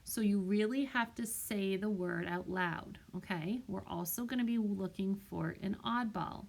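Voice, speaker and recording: A woman teacher speaks slowly and patiently, sounding out each vowel with care for young children. Her pitch sits in an ordinary middle range, and she talks into a tablet microphone as she walks through a spelling lesson. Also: creaky. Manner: slow, patient, sounds words out carefully.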